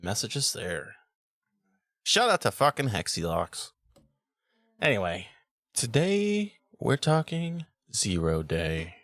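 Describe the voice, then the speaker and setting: A man's voice: fairly low pitch, very animated, slow, pauses often, a bit bright, no room sound, clean studio sound. A man hosting a casual movie podcast, swearing freely, laughing often and reading credits off the cuff. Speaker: podcast host.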